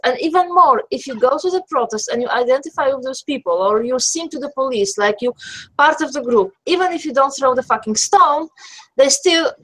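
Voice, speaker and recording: A woman's voice: sits high, fairly bright tone, poor audio. Blunt Polish-accented woman. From Poland. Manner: blunt, swearing, restarts sentences. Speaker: stream co-host. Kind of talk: casual live-stream chat.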